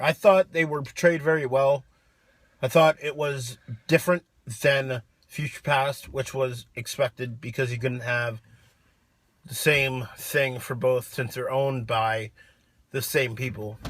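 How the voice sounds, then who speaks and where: A man casually chatting about film casting and ratings with a friend, his voice rising and dropping in loudness as he talks. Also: mid-range voice. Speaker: co-host reviewing films. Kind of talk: casual chat. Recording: faint background noise.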